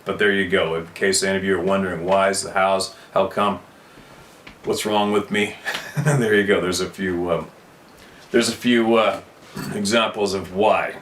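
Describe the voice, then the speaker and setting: A man's voice: deep voice, fairly even intonation, measured pace, a bit bright, reverberant, far from the mic, a little hiss or hum. A man hosting his own channel, talking unscripted to camera in a rambling, impassioned way, repeating himself for emphasis and swearing bluntly. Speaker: channel host.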